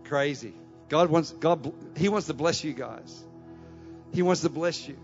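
A man preaches from the pulpit, telling his story with animated energy and then pressing his congregation to act. His voice sits a little high, and it rings with a long reverb through a large hall. The recording sounds muffled and dull. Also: unhurried, faint music behind. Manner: animated, anecdotal, rising to exhortation. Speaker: pastor. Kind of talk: sermon with storytelling.

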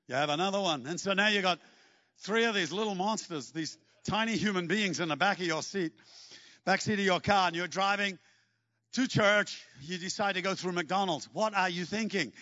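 A man preaching a sermon in an animated, joking way, breaking into shouts. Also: high voice, no room sound, highs cut off. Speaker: pastor.

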